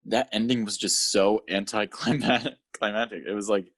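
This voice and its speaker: A podcast co-host with a fairly low, fairly bright voice chats casually at a moderate pace, his intonation fairly even. He rambles with plenty of fillers and acts out scenes in silly voices.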